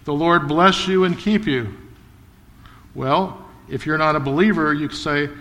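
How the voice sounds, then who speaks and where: A man delivers a sermon with a bright, forceful voice that sits a little high for a man. He preaches earnestly, slowing and rising when he reads scripture aloud. His voice rings out with a long reverb, as in a large church sanctuary. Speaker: pastor.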